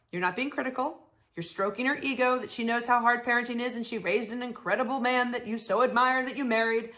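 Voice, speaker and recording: A woman life coach hosting her show, giving advice to viewers and acting out phrases they could say. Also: fairly high pitch. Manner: warm coaching tone, acts out sample phrases.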